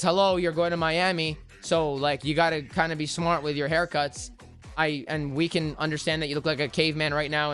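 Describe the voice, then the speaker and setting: A man's voice: high-pitched, sharp tone, clear, resonant tone. A young man hosting a crypto trading livestream, chatty and hyped, talking straight to his chat while sounding tired. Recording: music playing faintly behind.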